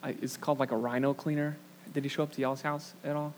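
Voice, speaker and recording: A man's voice: mid-range voice, level tone, fast, a little mellow, a little hiss or hum. A young man preaching a sermon, telling a story in a casual, self-deprecating way with lots of fillers. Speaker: pastor. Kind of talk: sermon with a personal anecdote.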